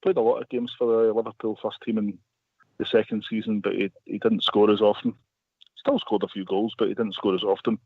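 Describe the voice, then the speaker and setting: A man's voice: fairly low pitch, flat delivery, brisk, slightly rough, no room sound. A man telling a long story as a radio guest, rambling with many restarts. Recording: phone line.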